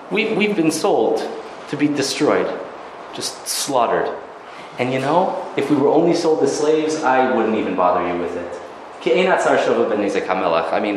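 Lively, dramatic male storyteller-teacher. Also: medium pitch, a little hiss or hum. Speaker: religious teacher. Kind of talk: animated storytelling lecture. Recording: very echoey room, faint ambience.

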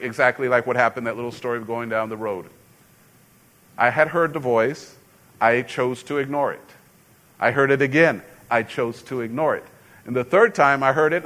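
A middle-aged man, a pastor, preaching a sermon in a conversational, storytelling way with sudden loud emphasis. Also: medium pitch.

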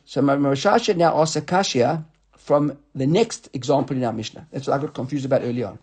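A man with a fairly high, husky voice leads a Talmud study class. He reads the text aloud and then explains it, stumbling and repeating himself as he thinks things through. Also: darkish tone. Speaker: Talmud teacher.

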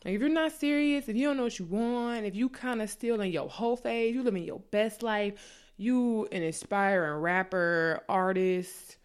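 A woman talking in a casual chat, telling animated, profane stories and acting out other people's lines in a raised voice. Her voice sits at a middle pitch for a woman. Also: normal speed, smooth.

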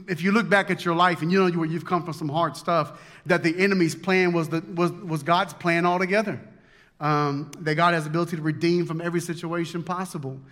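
A pastor preaching a sermon in a folksy, joking, animated way, often restarting his sentences. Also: on the high side. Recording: long hall reverb.

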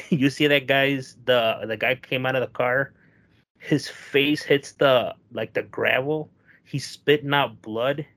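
A man's voice: mid-range voice, fairly even intonation, takes it slowly, fairly bright tone. A man in casual chat, rambling and swearing, with lots of fillers, who acts out the people in his story. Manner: rambling, profane, filler-heavy, acts out quotes.

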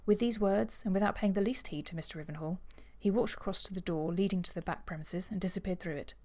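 On a book podcast, a woman co-host with a medium-pitched voice reads from a novel at a fast clip, performing the characters' lines with expression. Afterward she chats casually and laughs readily.

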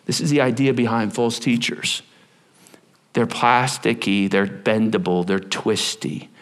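A middle-aged man preaching a sermon as pastor, telling stories in an animated way and acting out voices. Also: on the low side, a little slow. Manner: animated, lively storytelling with acted-out voices.

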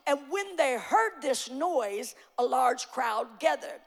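Woman pastor, high gravelly voice, preaching fervently in a reverberant hall, stumbling restarts. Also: lively intonation, a little slow, few pauses. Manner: preaching with rising fervor, shouting emphatic lines; frequent fillers and repeated starts. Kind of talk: sermon.

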